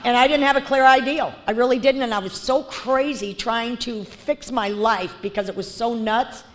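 A woman's voice: on the high side, normal speed, some chatter behind. A woman speaking bluntly and candidly as she shares her recovery story, with frequent fillers and restarts. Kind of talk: personal testimony talk.

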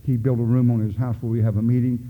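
A man's voice: medium pitch, little pitch movement, fast talker. Older guy sharing his story at a meeting, folksy and plain, sounds like a phone line in a big echoey hall. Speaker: recovery meeting speaker. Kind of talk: personal testimony talk.

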